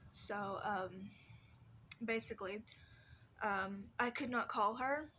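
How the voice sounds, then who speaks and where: A woman's voice: medium pitch, takes it slowly, sharp tone, a little hiss or hum. A young woman in her teens telling personal stories in a casual vlog from her bedroom, rambling with many restarts and fillers. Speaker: vlogger.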